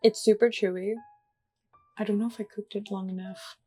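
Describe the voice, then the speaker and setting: A young woman vlogging her baking, excitable and gasping, swearing and repeating herself, reading recipe steps aloud between outbursts. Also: medium pitch, moderate pace, husky, faint music behind. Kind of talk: casual vlog.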